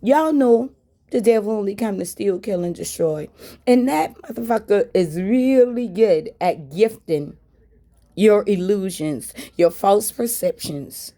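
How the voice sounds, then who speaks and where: A woman's voice: mid-range voice, animated, unhurried, dark tone. A woman telling a story to her viewers in a blunt, frank way, with swearing. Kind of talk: casual story time.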